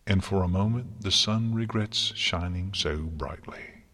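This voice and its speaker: A man narrating a story in a slow, hushed, solemn way, sometimes dropping to a whisper. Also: deep voice, animated, husky. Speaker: story reader. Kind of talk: narrating fan fiction. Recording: long hall reverb.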